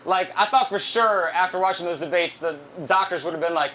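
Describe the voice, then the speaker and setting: A man's voice: sits high, a little fast, a crowd in the background, rough recording. A man doing a stand-up comedy set at a live venue, loose, profane and self-mocking, on a handheld stage mic.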